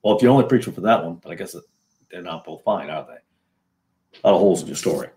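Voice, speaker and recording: A man from New England talks through his own video in a loose, sarcastic ramble, full of ums and false starts. His voice sits a little low, and the talk stays casual and unscripted. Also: lively intonation, quick pace, dark tone. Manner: sarcastic, rambling with fillers and restarts. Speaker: video host. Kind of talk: casual solo commentary.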